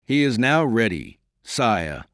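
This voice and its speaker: A man voicing a swaggering Breton squire and herald who speaks with a hoarse, thick voice and a Breton accent. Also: mid-range voice, very animated, a bit bright, no echo, studio quality, exaggerated voice. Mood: bold. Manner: bold, earnest, quick-spoken.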